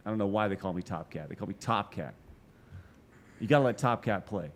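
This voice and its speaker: A man in his forties telling a long story as a podcast guest, animated and profane, with quick asides and restarts. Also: fairly low pitch, a little hiss or hum. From Texas. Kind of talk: casual storytelling interview.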